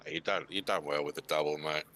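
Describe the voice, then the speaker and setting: A man drops laid-back, dry quips into a casual chat. His voice is very deep, but it has a bright, forceful edge. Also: fairly even intonation, fast, slight background noise.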